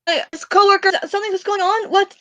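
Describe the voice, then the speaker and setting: A woman's voice: very high-pitched, fairly even intonation, fast, pushed and bright, lo-fi sound. A woman playing a frightened young woman in a tabletop game, speaking in a frantic stammer. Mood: panicked. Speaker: player. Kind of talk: voicing a character in a tabletop game.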